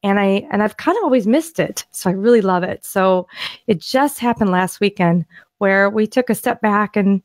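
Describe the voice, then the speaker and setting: Excited woman walking through land deals. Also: medium pitch, normal speed, no room sound. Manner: excited, rambling with frequent restarts. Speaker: podcast co-host and land investor. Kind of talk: casual screen-share deal walkthrough.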